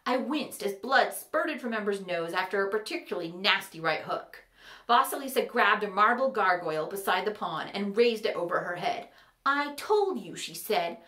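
A woman narrating a fantasy story in an animated, wry manner. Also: mid-range voice, moderate pace, reverberant.

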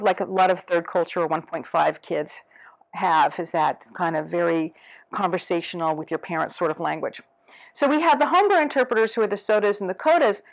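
A middle-aged woman professor gives a lecture at a medium pitch. She talks with lively energy, speeds up on her asides and drops into little acted-out quotes. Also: rough recording. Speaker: professor giving a talk.

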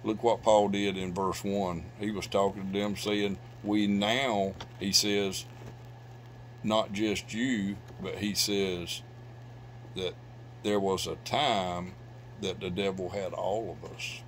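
Middle-aged pastor, low-pitched, preaching with loud swells and hushed drops, faint hum under it. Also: male voice, steady tone, slow pace. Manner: preaching with loud bursts of emphasis and sudden drops to quiet. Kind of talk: sermon. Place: church sanctuary.

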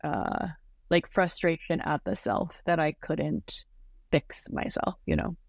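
A gravelly, low-pitched woman in her thirties speaks slowly in a sing-song way, recorded in studio quality with no echo. Appearing as a podcast guest, she chats about her story with plenty of "like" and "um" fillers and laughs often.

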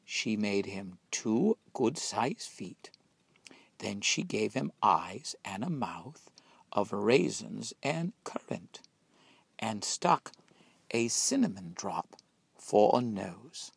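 A man reading a children's picture book aloud in a slow, expressive storytelling manner. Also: on the low side, gravelly, slightly rough, no room sound. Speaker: storybook reader.

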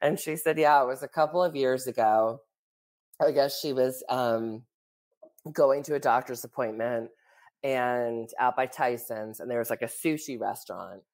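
Woman, very low pitch, casual chatty storytelling, frequent laughs, podcast co-host. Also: moderate pace, darkish tone. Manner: chatty, full of "like" and "you know", laughs often.

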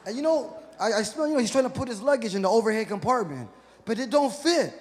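High-voiced man doing rowdy stand-up. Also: expressive, fast talker. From Houston, Texas. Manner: profane, rowdy, punchy delivery. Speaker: stand-up comedian. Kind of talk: stand-up comedy set. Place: comedy stage before a live audience. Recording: live venue with long reverb and crowd noise. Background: audience laughter and hall ambience.

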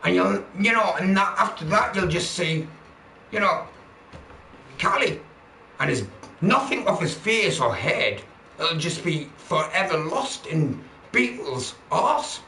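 A man's voice: high-pitched, big pitch swings, slow pace, creaky, pushed and bright. A man ranting angrily on a livestream, swearing constantly and heckling his viewers. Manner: profane, heckling, mocking. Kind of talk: angry livestream rant. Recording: roomy echo, faint background noise.

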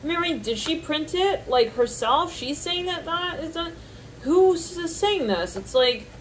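A woman's voice: expressive, measured pace, slight background noise, rough recording. A woman doing a channeled tarot reading, thinking aloud between card names, laughing often and squealing when she quotes people. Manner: squeals high-pitched reactions when quoting people. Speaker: tarot reader.

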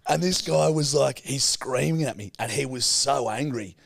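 Gravelly Australian man telling a road story. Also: mid-range voice, moderate pace, no echo, clean studio sound. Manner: swears a lot, gets loud and animated retelling a story. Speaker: podcast co-host. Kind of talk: casual chat, storytelling.

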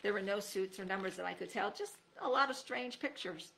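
Bright, gravelly woman reading a story. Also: mid-range voice, a little fast, rough recording. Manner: expressive storytelling. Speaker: teacher. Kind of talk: reading a children's book aloud.

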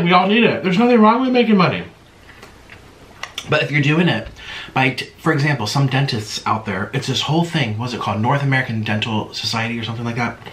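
A man's voice: mid-range voice, a bit bright, a little hiss or hum. A man chatting casually to viewers while eating, humming with his mouth full between sentences. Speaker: mukbang vlogger.

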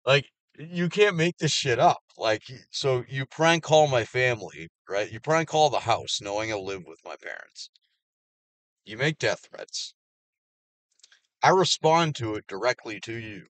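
A man delivering an angry, heavily profane personal rant, swinging between loud outbursts and low mutters. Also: animated, unhurried, dry recording. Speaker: vlogger.

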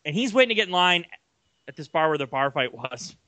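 A young man co-hosting a casual sports podcast, telling long rambling stories with animated energy. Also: on the high side, brisk, no echo. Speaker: podcast co-host.

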